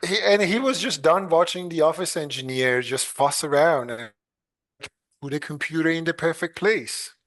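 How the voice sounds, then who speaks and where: A man's voice: fairly high pitch, moderate pace, fairly bright tone. A man talking casually as a podcast guest, hesitant, with many fillers and restarts, chuckling as he tells stories. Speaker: podcast guest, clean energy engineer. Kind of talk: casual interview talk.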